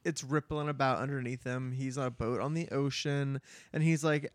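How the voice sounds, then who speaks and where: A man's voice: mid-range voice, steady tone, normal speed, no room sound. A man co-hosting a podcast, playful and chiming in often, with lots of "like". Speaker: podcast co-host. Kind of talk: casual chat.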